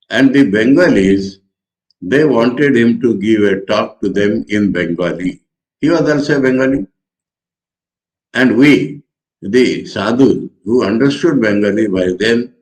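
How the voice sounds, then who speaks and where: A man's voice: mid-range voice, rough recording. A man with an Indian accent, a Marathi speaker, giving a spiritual lecture as a monk and wandering through personal anecdotes. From Maharashtra, India. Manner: digressive, storytelling, thoughtful.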